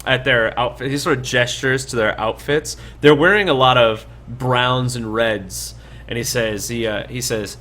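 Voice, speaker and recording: A man's voice: mid-range voice, normal speed, bright, forceful tone, slight background noise. A young man narrating casually as dungeon master, rambling with lots of fillers. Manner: rambling, filler-heavy, laid-back. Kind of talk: casual tabletop game narration.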